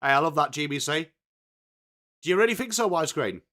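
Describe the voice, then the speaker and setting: A young English man hosting a live football watchalong, chatting with viewers by name and reading team lists, his voice slightly hoarse. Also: fairly high pitch, lively intonation, brisk, pushed and bright. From England. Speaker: watchalong host. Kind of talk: casual live stream chat.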